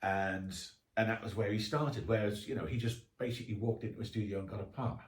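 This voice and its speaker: Fast-talking man telling anecdotes. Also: on the low side, steady tone. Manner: rambling anecdotal storytelling. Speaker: author and historian guest. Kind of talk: casual podcast chat. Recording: echoey room, distant mic.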